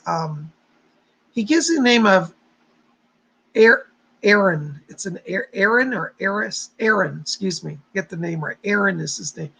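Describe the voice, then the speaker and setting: A man hosting a casual psychic livestream, with a gravelly, husky voice. He greets viewers by name in an easygoing, chatty way. He also leads a meditation and gives quick readings. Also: high voice, a bit bright, poor audio.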